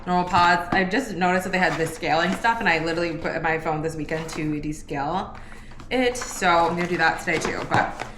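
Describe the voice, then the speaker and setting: A young woman talks to the camera at home in a loose, chatty way, filling gaps with "like." She sounds tired. Her voice sits a little low, with a faint hiss in the background. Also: fairly quick, a bit bright, echoey room. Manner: chatty, says "like" often. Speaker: vlogger. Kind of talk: casual pregnancy vlog.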